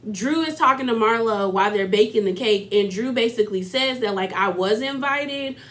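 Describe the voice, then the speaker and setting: A woman's voice: mid-range voice, brisk. A woman vlogger giving a casual, chatty recap of a reality show, full of fillers and laughter.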